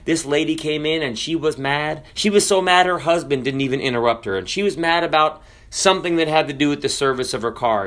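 A man preaching a sermon, quoting scripture and telling stories, with sudden swings between hushed words and loud ones. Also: on the high side. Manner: storytelling with quoted scripture.

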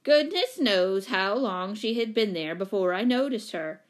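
A woman voicing a stern, indignant elderly neighbor who speaks loudly and slowly with affronted emphasis. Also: medium pitch, expressive, close to an everyday voice. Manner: loud, slow, affronted emphasis.

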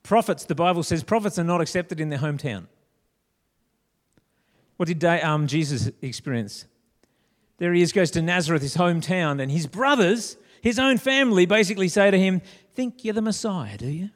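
Male preacher, lively sermon with slangy character voices, high-ish voice, big reverberant hall. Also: moderate pace. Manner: animated, acts out Bible characters with slang.

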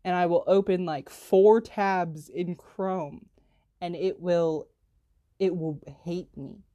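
A teenage girl chatting casually to camera as a student vlogger, rambling and peppering her talk with "like" and "literally", her voice jumping up when she gets exasperated. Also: takes it slowly. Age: teens. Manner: rambling, heavy use of "like" and "literally"; animated, jumps in pitch when exasperated.

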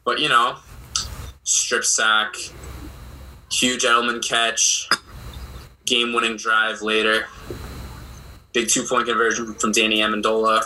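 A young man co-hosting a casual sports chat, recounting games in a relaxed, matter-of-fact way. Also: on the low side, a little slow, pauses often, a little hiss or hum, low-quality recording. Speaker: podcast co-host.

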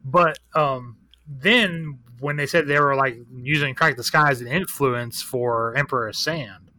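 Man guest, bright tense tone, candid loose chatter with lots of fillers. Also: medium pitch, a little slow, a little hiss or hum. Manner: candid, profane, rambling with many fillers. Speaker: guest, record shop owner. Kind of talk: casual chat.

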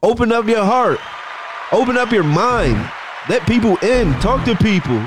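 A man's voice: high voice, lively intonation, moderate pace, slight background noise, low-quality recording. A man co-hosting a casual podcast, giving a preachy, profane pep talk. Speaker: podcast co-host.

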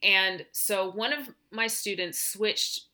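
A middle-aged woman co-hosting a casual podcast, her tone bright and forward. She tells stories with animated energy and swears freely. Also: medium pitch, slow pace. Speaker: teacher and podcast co-host. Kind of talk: casual chat.

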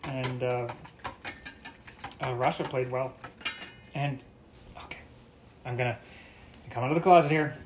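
Canadian dude rambling and cursing on his podcast, dishes and pans clanking loud behind him. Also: medium pitch, fairly even intonation, unhurried, long pauses, noisy background. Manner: rambling, joking, swears freely. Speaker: podcast host. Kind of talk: casual solo podcast chat. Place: home kitchen, cooking breakfast. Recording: kitchen clatter of dishes and cutlery.

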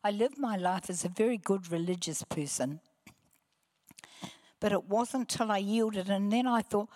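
Older kiwi lady preaching, earnest storytelling, goes soft and hushed, takes her time. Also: mid-range voice, measured pace, big-room sound. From New Zealand. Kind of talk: testimony sermon.

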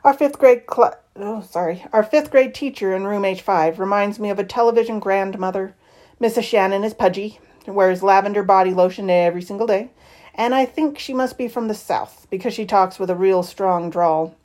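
A woman reading a novel aloud in the first person, with expressive, lively shifts in tone. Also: medium pitch, moderate pace. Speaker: audiobook reader.

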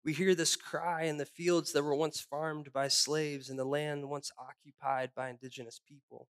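A male pastor preaching a sermon, moving from personal stories to hushed, solemn reflection. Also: fairly high pitch, flat delivery, moderate pace. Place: church.

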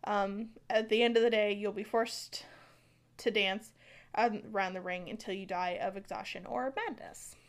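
A woman's voice: mid-range voice, fairly even intonation, a little slow. An American woman co-hosting a podcast, chatting casually about folklore with lots of fillers and some stumbling. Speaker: podcast co-host.

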